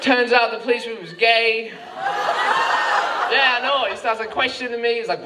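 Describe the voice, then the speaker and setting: Young man, Australian accent, high voice, rambling stand-up, filler-heavy, noisy live club recording. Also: normal speed, recorded from a distance, a crowd in the background. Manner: rambling, full of "like" and "um", rising to frantic rants. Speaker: stand-up comedian. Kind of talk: stand-up comedy set. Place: comedy club stage with laughing audience.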